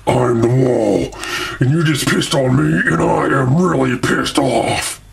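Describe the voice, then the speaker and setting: A man voicing a grumpy, crude talking ice wall in a homemade toy skit, with a gravelly voice. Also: slow, noisy background. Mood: angry. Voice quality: gravelly, swinging pitch.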